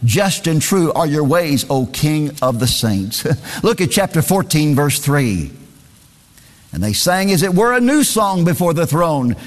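A man's voice: fairly high pitch, very animated, unhurried, long reverb tail. A man preaching a sermon, reading scripture aloud and driving his points home by repeating key phrases.

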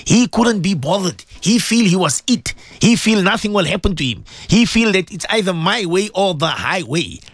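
A man's voice: high voice, animated, normal speed, hardly any pauses, dry recording. A man presenting a radio advice show and delivering an impassioned sermon, full of repeated rhetorical questions. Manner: fervent, repetitive, rhetorical questions.

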